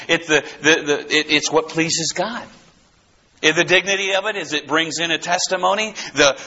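A man preaching a fervent, excitable sermon who often bursts into shouts. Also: fairly high pitch, slightly rough, highs cut off.

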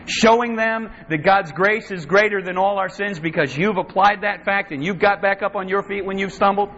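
A man preaching a sermon as pastor, emphatic, with repeated refrains and lively quoted asides. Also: sits high. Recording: slightly dull sound with faint noise.

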